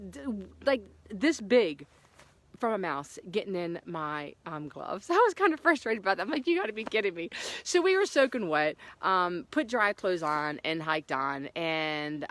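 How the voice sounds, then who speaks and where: Woman, middle-aged, lowish pitch, casual trail vlog, outdoors, chatty storyteller, phone camera. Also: no room sound. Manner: chatty, animated storytelling with many fillers. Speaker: hiker vlogging from the trail. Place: outdoors on a hiking trail in the morning.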